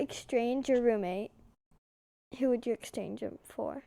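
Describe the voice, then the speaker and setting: A young woman with a high, light voice interviews her brother in a casual podcast chat. She asks questions and teases him. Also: measured pace, gravelly, mellow. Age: young adult. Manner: questioning, teasing. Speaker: guest interviewer.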